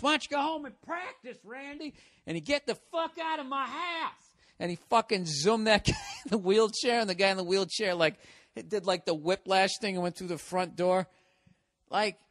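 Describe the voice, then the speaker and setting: Profane rambling podcast host, Boston accent. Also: male voice, a little high, fairly bright tone, no room sound, studio quality. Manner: profane, self-mocking storytelling with frequent restarts. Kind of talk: casual rambling monologue.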